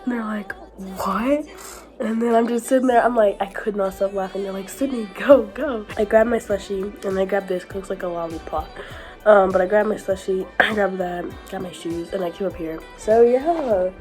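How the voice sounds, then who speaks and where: A woman's voice: mid-range voice, fairly quick, a little mellow. A young woman vlogging casually about her week, filling her talk with "like", with a scratchy sore throat and a cough, over faint music. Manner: chatty, fills speech with "like", laughs often. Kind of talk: casual storytelling vlog.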